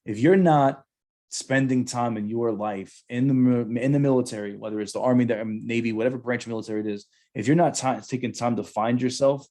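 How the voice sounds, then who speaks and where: A man's voice: mid-range voice, fairly quick, darkish tone. A young adult man, a former Marine sergeant hosting a podcast, telling a personal story in casual slang and calling his co-host bro a lot.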